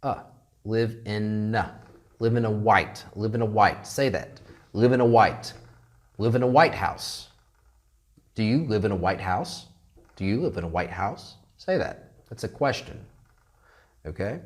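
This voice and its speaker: A man teaching an English grammar lesson, drilling phrases and checking in with "okay?" over and over. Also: on the low side. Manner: repeats phrases slowly to model pronunciation.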